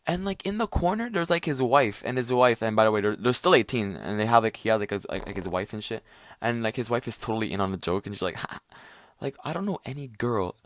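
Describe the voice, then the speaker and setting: Rambling profane young man, low voice. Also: animated, quick pace, a bit bright, dry recording, studio quality. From Italian family. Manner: profane, rambling, many fillers and restarts. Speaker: podcast host. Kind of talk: casual rant.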